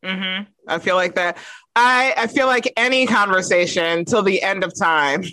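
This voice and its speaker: A man co-hosting a podcast in casual comedic chat, animated and joking, laughing often. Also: sits high, normal speed, dry recording. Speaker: podcast co-host.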